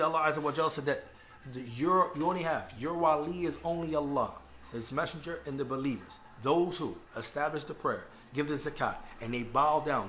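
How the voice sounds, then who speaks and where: Fast-talking man giving a religious lecture. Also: on the high side, fairly bright tone, slight background noise. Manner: earnest, conversational, checks in with listeners. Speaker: Islamic lecturer.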